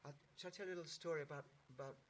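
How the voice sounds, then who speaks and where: A middle-aged actor telling anecdotes in an interview, in a lively raconteur's manner with halting restarts. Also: male voice, on the high side. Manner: animated raconteur, mimics voices, halting restarts. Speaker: actor guest.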